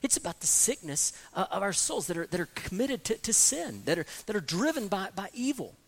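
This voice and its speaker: Pastor, man, expository sermon; earnest delivery with stumbling restarts, builds to forceful emphasis, voice a touch high. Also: big pitch swings, brisk, gravelly. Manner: earnest, repeats words when restarting, rises to emphatic peaks.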